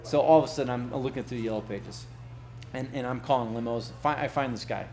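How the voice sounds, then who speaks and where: A man's voice: mid-range voice, a little fast, a little mellow. A man from Arizona telling a rambling, profane story at a birthday gathering, laughing often and restarting his sentences. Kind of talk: casual storytelling.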